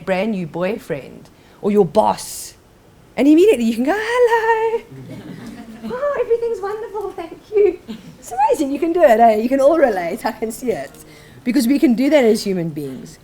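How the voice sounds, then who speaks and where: A woman presenting to an audience, telling stories in a lively way and acting out scenes. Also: medium pitch. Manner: storytelling, lively, acting out anecdotes. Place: lecture hall.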